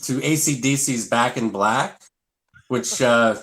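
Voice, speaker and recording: A comedian guest on a casual live stream tells rambling, self-deprecating stories, throwing in scat vocal bits. His mid-range voice is a bit bright and he takes his time.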